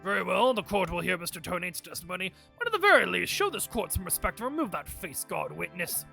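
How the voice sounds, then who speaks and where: A woman's voice: on the low side, big pitch swings, fast, gravelly, sharp tone, soft background music, exaggerated voice. A woman voicing a fussy, easily flustered elderly male judge in a courtroom game. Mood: bemused.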